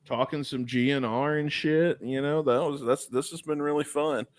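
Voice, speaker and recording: A man's voice: fairly high pitch, steady tone, normal speed, no room sound. A man co-hosting a podcast in casual chat, bantering and joking with profanity. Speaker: podcast co-host.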